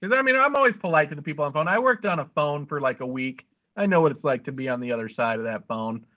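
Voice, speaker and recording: A man with a high voice tells a rambling, profanity-laced story in casual podcast chat. He sounds tinny and narrow, as if heard over a phone line. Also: lively intonation, quick pace. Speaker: podcast host.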